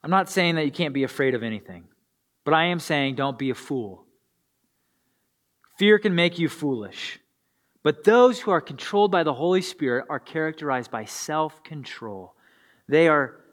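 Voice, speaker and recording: High-voiced earnest male preacher. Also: a bit bright. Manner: earnest, asks rhetorical questions. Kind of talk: sermon to a youth audience.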